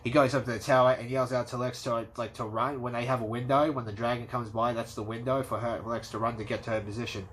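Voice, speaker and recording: A man giving an excitable, casual movie review, swearing freely and acting out scenes. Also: mid-range voice, fast, few pauses, a little hiss or hum. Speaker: movie commentator.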